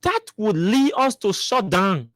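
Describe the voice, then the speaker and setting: A man's voice: high voice, sing-song, a little slow, a bit bright, dry recording, clean studio sound. Emphatic Liberian commentator, man. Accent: Liberian English. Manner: emphatic, fires repeated rhetorical questions. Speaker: talk show host. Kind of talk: political commentary.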